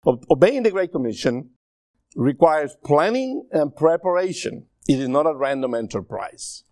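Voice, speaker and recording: A man's voice: on the high side, very animated, moderate pace, a little mellow, no room sound, clean studio sound. A middle-aged man with a Spanish accent, a native Spanish speaker, preaching a sermon in a conversational way and often checking in with his listeners.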